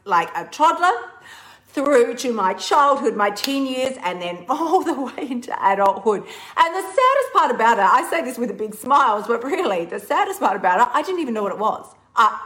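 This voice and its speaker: A weight-loss coach gives a casual livestream pep talk, animated, laughing often, swearing freely and calling listeners honey. Her voice is on the high side at a moderate pace, and the audio is poor.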